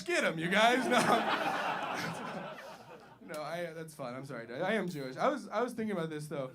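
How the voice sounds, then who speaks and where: A young man doing a stand-up comedy set on stage, animated and playful, jumping loud for the lines he acts out. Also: a little high, normal speed, very noisy. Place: small comedy club stage.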